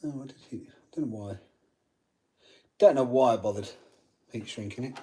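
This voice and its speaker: A man's voice: mid-range voice, normal speed, dark tone, slight background noise. A man hosting a live stream, casually chatting and reading out viewer comments while he works on his gear. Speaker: channel host.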